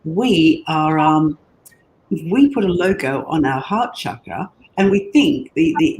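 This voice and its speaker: An earnest woman guest tells her story in a relaxed interview. She talks haltingly, doubling back on words as she thinks, and her pitch jumps up when she gets excited. A faint hiss sits under her voice. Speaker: guest, brand designer.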